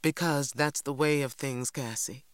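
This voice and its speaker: A woman voicing a firm, tired mother in an audiobook, speaking quietly with a hard, controlled edge. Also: deep voice, measured pace, dry recording. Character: firm, weary Southern mother. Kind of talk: audiobook character voice.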